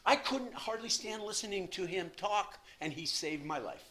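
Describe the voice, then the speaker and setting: A man in his sixties speaking at a recovery meeting from a podium, telling his story in an animated, self-deprecating way with lots of repetition. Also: high-pitched, moderate pace, slight background noise. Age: 60s. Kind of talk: personal recovery story talk.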